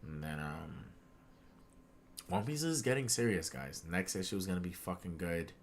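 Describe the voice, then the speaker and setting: A young man chatting casually on a podcast, excitable and slangy, acting out characters' lines with big swings in his voice. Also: sits low, normal speed, a little hiss or hum. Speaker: podcast co-host. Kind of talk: casual chat.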